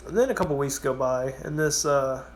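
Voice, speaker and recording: There's a slight hiss or hum as a medium-pitched man, talking a little fast, shares meandering gas station work stories in a casual vlog. He doesn't hold back on swearing and mimics his customers.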